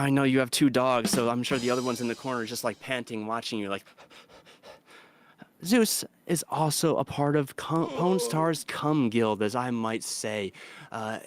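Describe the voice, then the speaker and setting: A man's voice: medium pitch, a little hiss or hum. A man hosting a comedy roast on stream, reading crude jokes from his notes in a dry way. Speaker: roast host.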